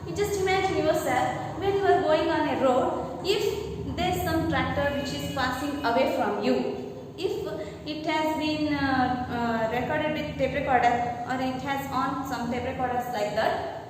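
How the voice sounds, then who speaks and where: High-voiced woman teaching in an echoey room. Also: a little slow, background noise. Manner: reads the text aloud, then explains it with frequent "okay?" and "means". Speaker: English teacher. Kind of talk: classroom lesson explaining a textbook passage. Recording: very echoey room, voice far from the mic.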